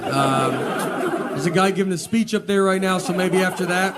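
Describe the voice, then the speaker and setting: A man, telling stand-up stories in a halting, deadpan way. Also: high-pitched, background noise. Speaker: stand-up comedian. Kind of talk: stand-up routine. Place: comedy stage with audience. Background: audience laughter.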